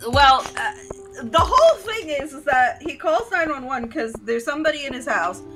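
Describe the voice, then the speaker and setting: A woman streaming and chatting casually, prone to loud shrieks and acting out voices when she tells a story. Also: sits high, moderate pace, rough recording. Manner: animated, loud outbursts and shrieking reactions; acts out voices when retelling stories. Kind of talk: casual chat on a game stream. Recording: music playing behind.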